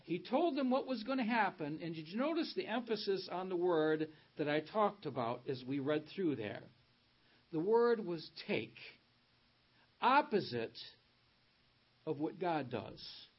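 Preacher, male, high lively voice, a bit husky, emphatic sermon delivery, dull lo-fi recording. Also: unhurried. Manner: emphatic, rising on key words, reads scripture aloud. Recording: dull lo-fi sound.

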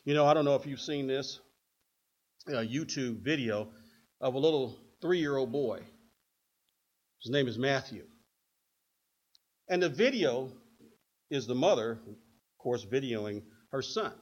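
Husky older man preaching a sermon. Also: medium pitch, unhurried, long pauses. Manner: animated, acts out quotes in put-on voices. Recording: dull lo-fi recording.

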